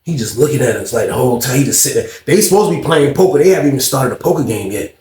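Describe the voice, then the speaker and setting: A man casually telling a story from his own life in a slangy, animated way, acting out the people in it. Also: medium pitch, rapid-fire, echoey room.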